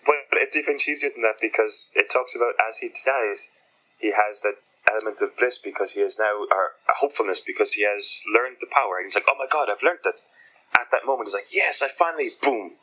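A man's voice: lowish voice, a little fast, pushed and bright, low-quality recording. A man co-hosting a podcast, casually reviewing a book and rambling as he acts out lines from it. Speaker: podcast co-host.

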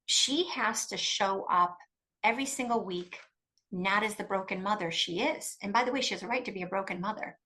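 A woman's voice: mid-range voice, brisk, sharp tone. A middle-aged woman, a guest expert, talking emphatically and animatedly in a conversational interview, often restarting her sentences. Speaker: guest expert on coercive control.

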